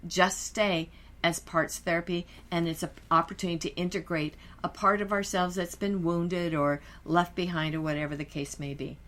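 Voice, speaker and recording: A woman's voice: lowish voice, fairly even intonation, normal speed, a bit bright. A woman co-hosting a podcast, a hypnotherapist chatting about her sessions in a confident, breezy and emphatic way. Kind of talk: casual podcast chat.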